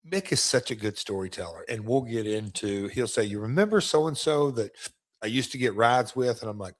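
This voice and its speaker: A man's voice: mid-range voice, moderate pace. Middle-aged man telling rambling stories. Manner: rambling storyteller, restarts sentences. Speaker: co-host and former wrestler. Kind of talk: casual podcast chat.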